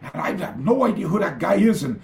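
A man's voice: vocal fry, exaggerated voice. A man doing a flustered old Japanese sensei. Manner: high, excited, halting speech. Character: older Japanese male karate sensei, flustered and formal.

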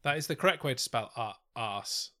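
A man's voice: mid-range voice, lively intonation, normal speed, pushed and bright. A British man co-hosting a comedy podcast, giving blunt, sweary, short replies in casual chat. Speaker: podcast co-host.

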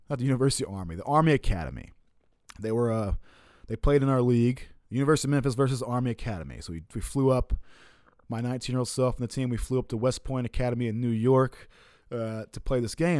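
A man's voice: mid-range voice, no echo. Man telling a story in a dry room. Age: adult, looking back on his college years. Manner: relaxed and profane, with frequent laughs and fillers. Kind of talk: casual personal storytelling.

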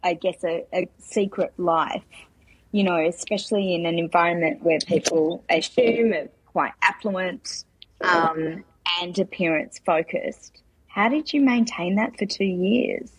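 A woman hosting a podcast interview, asking gentle, hesitant questions. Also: on the low side, measured pace, slightly rough, no echo, low-quality recording. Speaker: host.

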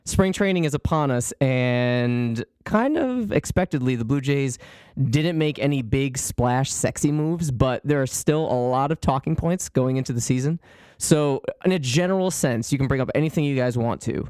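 A man's voice: medium pitch, moderate pace, a little mellow, smooth, no room sound, studio quality. A man hosting a casual sports podcast, friendly and enthusiastic as he introduces guests and leads the chat. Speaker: podcast host.

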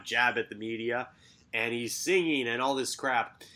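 Bright-voiced man hosting a sports podcast. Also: medium pitch, measured pace. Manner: lively, rattles through fixture lists with sarcastic asides. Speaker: podcast co-host. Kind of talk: casual sports podcast chat.

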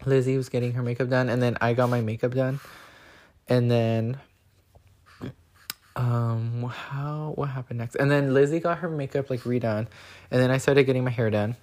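A young man chatting casually in a vlog, telling a story with lots of filler words and acting out quotes in a higher voice. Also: fairly even intonation, normal speed, darkish tone. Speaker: vlogger.

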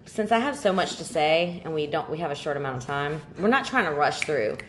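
A woman with a somewhat low voice chats casually as a podcast co-host. She tells long stories with energy and lively quoted lines, and swears freely as she goes. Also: a little fast, slight background noise. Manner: animated storytelling, swears freely. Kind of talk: casual chat.

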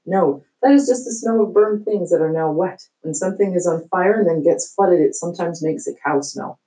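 A woman's voice: fairly low pitch, normal speed, close to an everyday voice, poor audio. A woman reading aloud, voicing a flustered, blustering male school principal who insists nothing is wrong. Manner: loud, insistent, denying the obvious.

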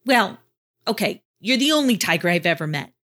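A noisy, excitable young boy from a children's storybook, voiced by a woman. His voice jumps up high and bounces with excitement, swinging widely in pitch. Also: brisk, lightly acted. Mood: excited.

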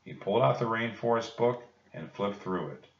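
A deep-voiced man reads a children's chapter book aloud, calm and measured at an unhurried pace. The recording sounds distant and echoey. It has a dull, muffled tone. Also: gravelly. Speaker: narrator. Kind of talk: children's storybook read-aloud.

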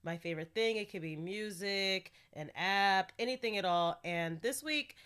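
A woman's voice: mid-range voice, normal speed, fairly bright tone, clear, resonant tone. A young woman hosting her own podcast in a casual, candid solo chat, talking freely and laughing often. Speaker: podcast host.

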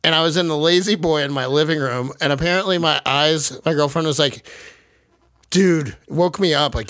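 A young podcast host with a fairly high, slightly bright voice chats casually at a moderate pace over a video call. He laughs and swears freely while telling stories, and the audio is clean studio sound with no room sound.

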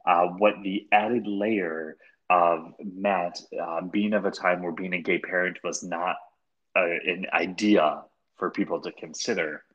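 A man's voice: low-pitched, fairly even intonation, measured pace, fairly bright tone, lo-fi sound. A man co-hosting a casual podcast chat, talking with lots of hesitant fillers. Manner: chatty, hesitant with many fillers. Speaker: podcast co-host.

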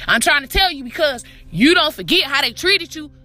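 High, bright-voiced woman preaching profanely. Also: big pitch swings, brisk. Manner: profane, preachy, calls listener "my baby"; repetitive, emphatic street talk. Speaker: podcast host. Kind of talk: motivational monologue.

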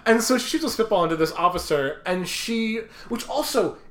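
Co-host for casual film talk: chatty and quick to laugh, lively pitch, recorded in an echoey room. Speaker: podcast co-host.

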